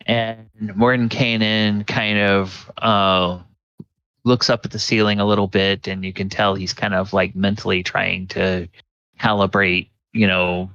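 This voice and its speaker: A man narrating as game master of a tabletop game, unhurried with many pauses. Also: fairly low pitch, level tone, pushed and bright, no echo, dull audio. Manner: unhurried, frequent ums and uhs.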